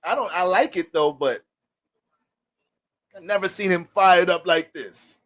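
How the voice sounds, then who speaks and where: A man's voice: sits high, moderate pace, fairly bright tone. A man talking as an astrologer in a casual, profane and joking monologue.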